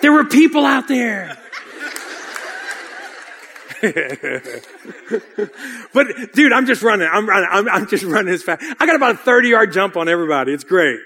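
Male preacher, high voice, animated and casual storyteller. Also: moderate pace, pauses often, slight background noise. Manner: lively and casual, often says "dude". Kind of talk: storytelling sermon.

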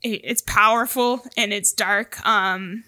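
A woman joins a casual scripture discussion, sharing her reflections earnestly. Her voice is bright and forceful, and the recording is dry and close with no room sound. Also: mid-range voice, fairly even intonation, slow, dry recording. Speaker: discussion guest.

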